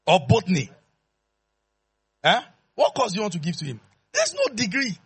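A man preaching a sermon in an animated, playful way, calling out to the congregation. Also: high-pitched, moderate pace, slightly rough. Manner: animated and playful, acts out dialogue, calls out to the congregation.

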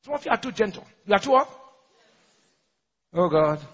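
In a large church hall, a pastor delivers a sermon, laughing frequently and putting questions to the congregation. He speaks at normal speed in a high, husky voice with lively intonation, and the recording is muffled with heavy echo.

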